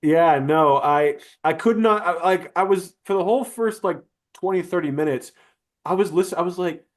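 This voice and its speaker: A man's voice: high voice, moderate pace. Profane ranting male podcast host. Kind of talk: casual comedic movie review.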